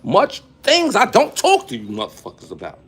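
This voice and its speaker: A man's voice: extremely high pitch, wildly swooping pitch, normal speed, creaky, a bit bright, slightly rough. A man talking in streetwise slang while vlogging from his workplace on a handheld phone, jumping between topics. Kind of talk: casual vlog commentary. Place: his workplace, walking around.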